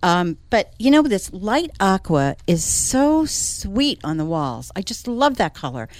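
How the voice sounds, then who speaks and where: In a sing-song, unhurried medium-pitched voice, a woman who works as an interior designer joins a casual radio chat as a talk-show regular. She is chatty and enthusiastic and laughs a lot.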